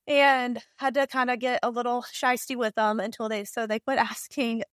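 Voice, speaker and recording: A woman's voice: a little high, level tone, moderate pace, few pauses, no room sound, studio quality. A woman in her thirties with a Southern US accent, telling a personal story candidly and with emotion as a podcast guest. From Southern United States.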